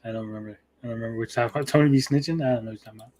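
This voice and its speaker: A man's voice: mid-range voice, rapid-fire, darkish tone. A man hosting a casual livestream, reading chat messages aloud in a blunt, joking way and swearing freely. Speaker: show host reading chat.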